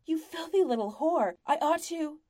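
A woman voicing a cruel male slave merchant who speaks slowly and low, almost purring, and bursts into screaming rage. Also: animated, gravelly, mellow, full character voice. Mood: furious.

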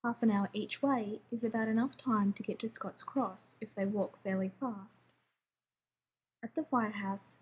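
A woman reading a story aloud as scripted narration, in a steady, even storytelling manner. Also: mid-range voice, measured pace, slight background noise. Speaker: story reader.

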